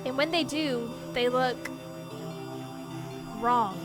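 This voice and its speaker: A woman's voice: sits high, takes it slowly. A woman streaming a game live. She reads the game's narration aloud and reacts with frequent laughter and swearing. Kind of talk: live gameplay commentary, reading game text aloud. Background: game music.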